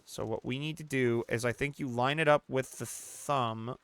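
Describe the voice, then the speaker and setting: A man hosting a let's play, commenting casually and getting excitable, swearing and shouting when things go wrong. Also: medium pitch, moderate pace, dry recording. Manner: talks to the player character and the audience.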